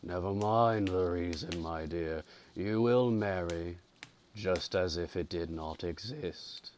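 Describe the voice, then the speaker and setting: A man voicing a dying old nobleman, spiteful and sinister, in a slow, menacing murmur. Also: deep voice, darkish tone, a little hiss or hum.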